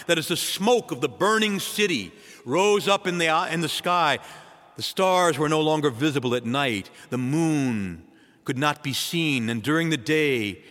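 A man, a priest, giving a sermon with dramatic swings between loud and soft. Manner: dramatic preaching with wide swings in pitch and loudness. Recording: long church reverb.

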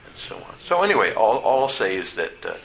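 A middle-aged Catholic priest giving a plain-spoken, conversational sermon in a church, halting and restarting as he goes. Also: medium pitch, big pitch swings, fairly bright tone, rough recording.

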